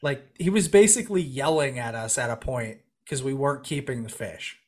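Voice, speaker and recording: A man's voice: mid-range voice, normal speed. A man telling a long fishing story in casual chat, acting out the people in it. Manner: animated storyteller, acts out quoted voices. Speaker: podcast guest telling a story.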